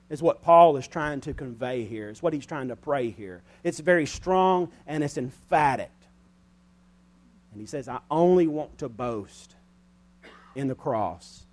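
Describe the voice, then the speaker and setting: A man preaching a sermon, rising to loud, emphatic peaks and dropping to quiet, conversational asides, slowing to stress key phrases. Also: mid-range voice.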